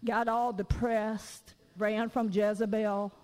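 A woman preaching a candid, conversational sermon, lively and laughing, with frequent rhetorical questions to the congregation. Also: medium pitch, slow, big-room sound, low-quality recording.

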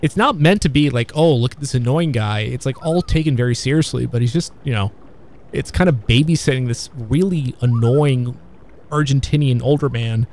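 A man in casual conversation about old films, talking in a halting, rambling way with many fillers and restarts. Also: medium pitch, darkish tone. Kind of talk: casual film discussion.

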